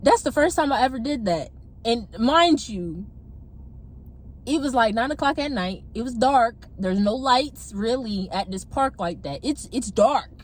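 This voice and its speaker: A woman's voice: a little high, unhurried. Chatty young woman telling a story. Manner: animated, laughs often, voices her own past outbursts. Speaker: testimony vlogger. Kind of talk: casual storytelling. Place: parked car.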